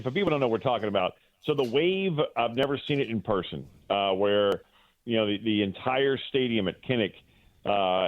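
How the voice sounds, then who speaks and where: A man's voice: on the low side, no echo. A man calling in as a sports broadcaster guest, telling an emotional story in a rambling way with many restarts. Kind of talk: casual radio interview. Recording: dry tinny phone line.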